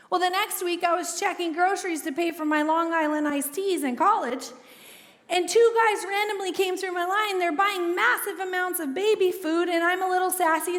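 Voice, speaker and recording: A woman with a high, bright-pitched voice tells her testimony from a stage, lively, slipping into little acted-out bits of dialogue. Her words ring out with a long reverb tail through a large hall. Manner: lively storytelling, acts out quoted dialogue. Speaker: ministry founder and speaker. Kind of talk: testimony sermon.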